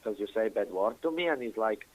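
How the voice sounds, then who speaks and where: Pria, bahasa ibu Rusia, penelepon, bahasa Inggris patah-patah, bersemangat, suka mengumpat. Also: male voice, fairly low pitch, a little fast, rough recording. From Russia. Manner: broken English, excitable, swears, acts out shouting voices. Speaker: caller. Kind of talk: storytelling on a call-in show.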